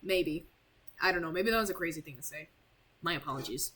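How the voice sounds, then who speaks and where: A young woman casually comments while streaming a game, rambling, apologizing and saying "like" a lot. Her voice is deep, fairly quick and sharp in tone, on a low-quality recording with slight background noise.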